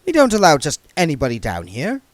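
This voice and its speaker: A man voicing a fussy, genteel beggar who speaks in a high, prim and mincing way. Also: huge pitch swings, a little fast, no room sound. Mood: haughty.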